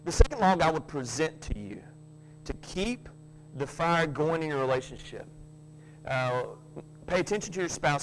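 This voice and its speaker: A man's voice: a little high, expressive, a little slow, faint music behind, low-quality recording. A man preaching a sermon, folksy, with joking asides and frequent restarts. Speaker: pastor.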